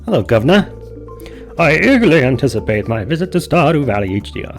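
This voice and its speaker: A man voicing a stately older governor from a farming game, speaking in a pompous, gracious and measured way. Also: a little high, very animated, faint music behind, voice pushed up.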